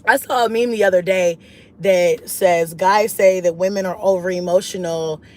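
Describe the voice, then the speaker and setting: A woman at a mid-range pitch chats loosely with her viewers as a mom vlogger, animated and slangy, her voice leaping up whenever something excites her. A faint hiss of noise sits under the talk. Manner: animated and chatty, often jumps high in pitch and laughs; slangy, relaxed street talk. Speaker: mom vlogger and channel host. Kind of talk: casual livestream chat reading viewer comments.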